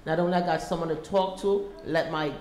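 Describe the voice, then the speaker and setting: A woman's voice: low voice, fairly even intonation, brisk, a little mellow. A woman gives an emotional personal testimony as a mother and volunteer, pleading with her listeners and pushing her voice up as she goes. The room is large and echoey, with faint noise behind her.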